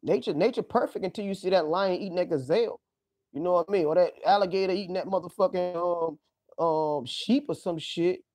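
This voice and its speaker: A man's voice: high-pitched, brisk, darkish tone, no echo. A man hosting a livestream, rambling loosely through a profane casual monologue, exclaiming often and breaking into laughs. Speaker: livestream host.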